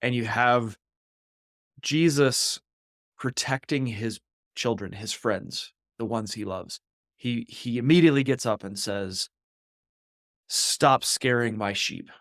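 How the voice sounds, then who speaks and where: A man co-hosting a conversational Bible discussion, mid-pitched, earnest and thoughtful. He works through the story with a close, dry sound and no room echo. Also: unhurried. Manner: earnest and reflective, acts out voices when quoting. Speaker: podcast co-host.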